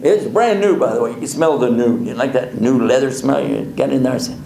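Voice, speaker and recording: A male preacher telling a personal story in a lively way, chuckling and acting out the dialogue. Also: medium pitch, brisk, vocal fry, hardly any pauses, a little hiss or hum. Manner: animated, chuckles often, acts out dialogue. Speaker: Islamic preacher. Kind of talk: storytelling lecture. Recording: echoey hall with faint ambience.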